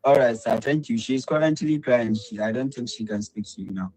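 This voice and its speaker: A man talks on a video call in a soft, polite voice. He keeps thanking people gratefully. His pitch sits in an ordinary middle range. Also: fairly quick, rough recording.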